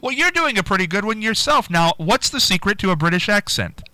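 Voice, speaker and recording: A playful male radio host chatting with callers on a morning call-in show. His voice is smooth and resonant, and his pitch moves around freely. The studio sound is dry and close. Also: big pitch swings, brisk, bright, forceful tone, dry recording.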